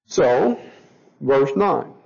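A man's voice: mid-range voice, sing-song, very slow, creaky, a little mellow, slightly rough, in a large hall. A man teaching a Bible study to a group, asking them questions as he goes and stumbling over words. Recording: dull lo-fi recording.

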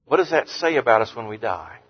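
A man preaching an earnest sermon as pastor, lifting his voice on scripture quotes and dropping low and soft on words of comfort. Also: very animated, a little fast, slightly rough. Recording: muffled sound with long hall reverb.

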